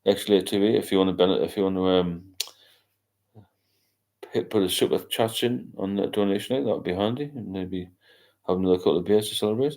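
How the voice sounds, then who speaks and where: A man's voice: sits low, a little fast, a little mellow. An older man, hosting a casual late-night livestream and rambling as he reads out viewer comments. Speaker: livestream host.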